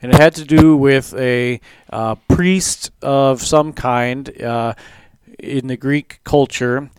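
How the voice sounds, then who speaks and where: A man, a pastor, explaining a Bible passage in a relaxed talk with many fillers. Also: medium pitch, slow pace, smooth, no echo.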